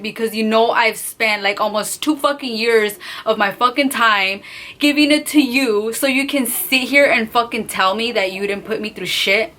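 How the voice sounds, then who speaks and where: A young woman telling a storytime vlog, animated and profane, acting out the other people's voices as she goes. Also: a little high, normal speed. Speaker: vlogger.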